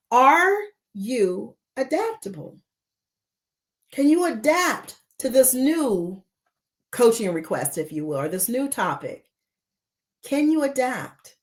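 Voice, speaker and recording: A woman hosting a weekly live coaching talk, speaking in an expressive, emphatic way and repeating key words. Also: on the high side, unhurried. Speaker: coach trainer, host of a weekly live show.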